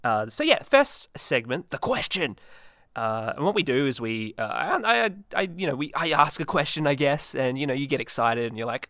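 A man hosts his own solo podcast in a manic, rambling voice that is bright and forceful. He leaps up and down in pitch, trips over his words and drops dark jokes deadpan. The sound is dry and close. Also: moderate pace, no echo. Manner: manic, self-mocking, many restarts. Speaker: podcast host.

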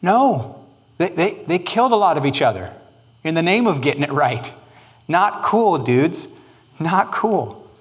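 A man teaching church history in a casual, jokey way with animated asides. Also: a little high, unhurried.

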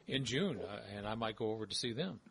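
A man's voice: fairly low pitch, expressive, fast talker, fairly bright tone, breathy edge. Easygoing American man chatting. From United States. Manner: easygoing, chuckling, self-deprecating. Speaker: radio presenter guest. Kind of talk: casual chat.

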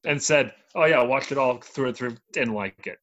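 A man's voice: mid-range voice, brisk, a bit bright, dull audio, a little hiss or hum. A man co-hosting a casual podcast, emphatic and incredulous, laughing often. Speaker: podcast co-host. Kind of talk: casual chat.

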